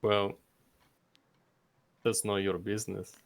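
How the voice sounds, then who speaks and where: A secretive stranger from the Russian Empire, played by a man, with a put-on Russian accent and a very deep, gravelly, flat voice. He answers curtly and keeps his business to himself in a game role-play. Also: slow. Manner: curt, guarded.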